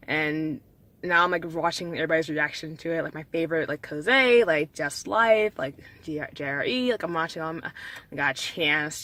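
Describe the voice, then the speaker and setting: A woman's voice: fairly low pitch, bright, forceful tone, low-quality recording. A young adult woman talking to her viewers in a casual vlog, rambling with many restarts and fillers. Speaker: vlogger.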